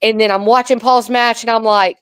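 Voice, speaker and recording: Blunt woman with a smooth dry voice. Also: on the high side, a little fast, no room sound. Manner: blunt and animated, swears freely. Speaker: guest, arm wrestler and wife. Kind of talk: casual podcast chat.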